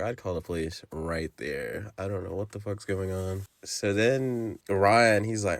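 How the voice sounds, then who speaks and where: Deep-voiced man cursing through a recap. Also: moderate pace, few pauses, no room sound. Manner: profane, rambling, acts out characters' lines. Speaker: podcast film reviewer. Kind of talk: casual spoken movie recap.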